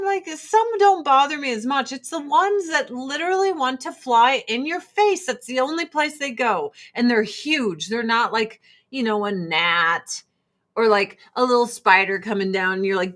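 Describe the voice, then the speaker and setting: A middle-aged woman hosting a casual chat show. She rambles in a slightly high voice, swearing often. Her delivery is animated and unfiltered. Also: unhurried. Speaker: host.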